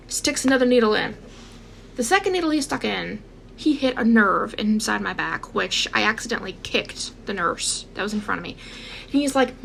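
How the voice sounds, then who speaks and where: Fields: woman, gravelly, animated storyteller. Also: on the high side, normal speed, a little hiss or hum. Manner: animated, addresses viewers directly, acts out quotes. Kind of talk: casual personal storytelling.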